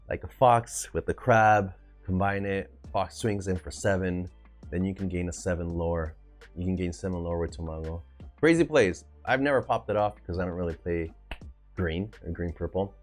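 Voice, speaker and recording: A man hosting a casual card game deck review, talking in an excitable, hype-filled way and often trailing off to restart a sentence. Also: low-pitched. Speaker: card game video host.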